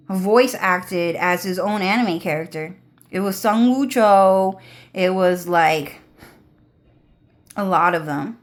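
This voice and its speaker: A young woman vlogger ranting to her viewers in a crude, swearing, rambling way, full of fillers. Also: medium pitch. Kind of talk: rambling profane rant to viewers.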